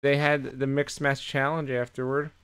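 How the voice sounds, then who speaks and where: A man co-hosting a podcast, swearing freely in an animated, casual recap of the week. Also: medium pitch, moderate pace, clear, resonant tone. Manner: animated retelling, heavy swearing. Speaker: podcast co-host. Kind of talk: casual chat recapping wrestling.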